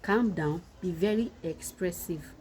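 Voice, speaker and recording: Nigerian lady giving advice, low mellow voice, earnest and repetitive. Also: a little slow, a little hiss or hum, low-quality recording. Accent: Nigerian, Yoruba. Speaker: marriage advice vlogger. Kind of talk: casual advice monologue.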